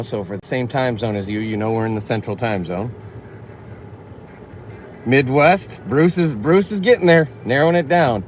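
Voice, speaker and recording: Man host chatting to viewers mid-drive, everyday pitch, steady car noise under the voice. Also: moderate pace, poor audio. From northern Illinois. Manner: chatty, reads and answers chat. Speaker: livestream host. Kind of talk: casual livestream chat while driving. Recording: car road noise behind.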